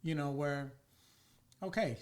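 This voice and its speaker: A man's voice: fairly high pitch, slow, smooth. A man hosting a podcast in casual chat, rambling with lots of fillers and swearing. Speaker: podcast host.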